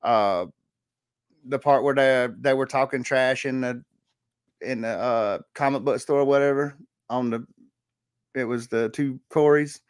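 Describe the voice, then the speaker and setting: A man's voice: medium pitch, fairly even intonation, unhurried, pauses often, smooth, dry recording, clean studio sound. A man co-hosting a podcast in casual chat, rambling through memories with many restarts. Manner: rambling, restarts and quotes favorite lines. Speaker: podcast co-host.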